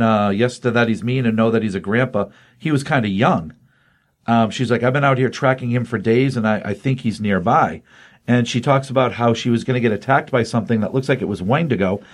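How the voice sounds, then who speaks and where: Casual man recapping a comic book. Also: mid-range voice. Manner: retells scenes quoting characters in a flat voice, many ums.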